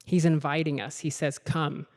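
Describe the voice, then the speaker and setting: A man's voice: on the high side, flat delivery, moderate pace, darkish tone. A man giving an earnest sermon at a leadership event, repeating his invitations as the talk builds. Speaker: conference speaker. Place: large hall with a worship team. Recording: long hall reverb, faint music behind.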